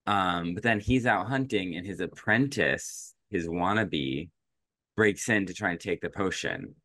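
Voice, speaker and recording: Man, very low voice, casual podcast chat, rambling with fillers, dry close sound. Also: a little slow, pushed and bright, dry recording. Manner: rambling, many fillers and restarts. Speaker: podcast co-host.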